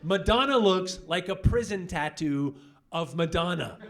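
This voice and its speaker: Brash stand-up, slightly high voice. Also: male voice, unhurried, very noisy. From Canada. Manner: brash, profane, animated storytelling. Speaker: stand-up comedian. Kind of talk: stand-up comedy set. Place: comedy club stage.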